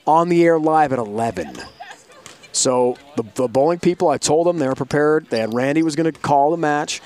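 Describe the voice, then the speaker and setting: A man's voice: a little high, brisk, a little mellow. A middle-aged man, a sports broadcaster, telling a long travel story in an interview, acting out quoted voices and laughing often.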